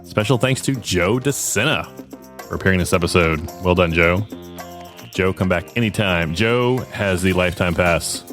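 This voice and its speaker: A man's voice: low-pitched, normal speed, fairly bright tone, soft background music. A man hosting a podcast interview in a casual, chatty way, often trailing off and restarting. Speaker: podcast host.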